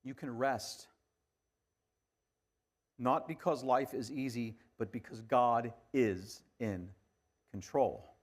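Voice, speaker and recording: A man of middle age preaching to his congregation in an average-pitched voice. His delivery is conversational, leaning in with quiet, hushed lines and then building to firm emphasis. It sounds like a live sermon. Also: slow pace, long pauses. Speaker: pastor.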